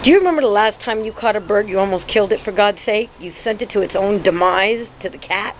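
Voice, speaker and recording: A woman's voice: mid-range voice, fast talker. A woman filming her dog and a bird at home, teasing and laughing as she talks to the dog, on a dull, noisy home video.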